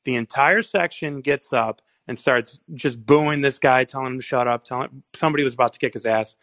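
A man's voice: mid-range voice, a little fast, a bit bright, no echo. A man calls in to tell a story, wandering through it with plenty of "uh" and "you know" along the way. His voice is recorded close and dry, with no room sound around it. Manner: rambling storytelling with fillers. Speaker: caller. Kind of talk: phone-in anecdote.

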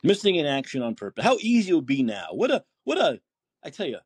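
A man's voice: fairly high pitch, wildly swooping pitch, fast, breathy edge, no room sound. A man hosting a political call-in podcast, ranting with rhetorical questions and quoting posts from his feed. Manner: heated, indignant, swearing, rhetorical questions; reads listener posts aloud. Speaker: podcast host. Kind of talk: political commentary monologue.

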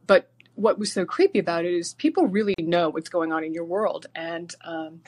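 A woman calling in to a talk show, rambling excitedly with many fillers and restarts. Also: on the low side, moderate pace. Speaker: caller.

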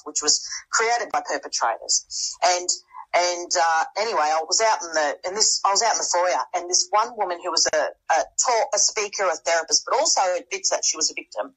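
A middle-aged woman appearing as a podcast guest tells a story casually, with a husky, fairly low voice. She's loose and animated, stumbles through restarts, and jumps higher in pitch to impersonate people she quotes. The audio quality is poor.

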